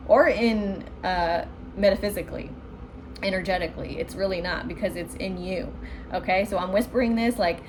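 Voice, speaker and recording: A woman in a mid-range voice gives a casual psychic tarot reading. She tells her vision as a loose, rambling story, full of fillers and little laughs. A faint hiss sits under her voice. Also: medium pitch. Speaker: tarot reader.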